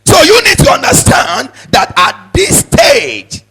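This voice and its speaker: A male preacher giving a sermon in a sing-song cadence, repeating words as he builds and breaking into sudden shouts. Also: very high voice, wildly swooping pitch, takes it slowly, creaky.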